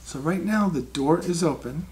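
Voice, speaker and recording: A man's voice: on the high side, animated, moderate pace, darkish tone, slight background noise. Man narrating as game master.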